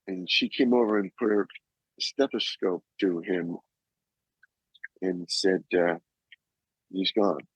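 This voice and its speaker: A man in his sixties, a guest, slowly recounting a personal loss with halting pauses and restarts. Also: low-pitched, husky, no echo, muffled recording. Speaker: guest, actor and author. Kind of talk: emotional personal storytelling.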